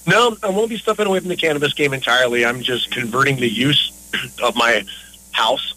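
A man's voice: mid-range voice, a little fast, bright, forceful tone, low-quality recording. A middle-aged man talking casually as an interview guest, earnest and a bit rambling. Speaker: interview guest, local business owner.

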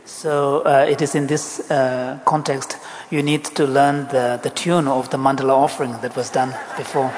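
A man's voice: mid-range voice, flat delivery, normal speed, few pauses. A man interpreting a Buddhist teaching, hesitant, with many ums and uhs. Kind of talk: interpreting a dharma talk. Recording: long hall reverb, faint noise.

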